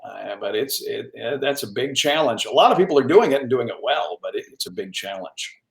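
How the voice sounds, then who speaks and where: A man's voice: mid-range voice, brisk, gravelly. Radio news guy telling stories on a podcast, lots of restarts, kinda echoey. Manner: animated storyteller, lots of restarts and self-deprecating asides. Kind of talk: casual interview storytelling. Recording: roomy echo on the voice.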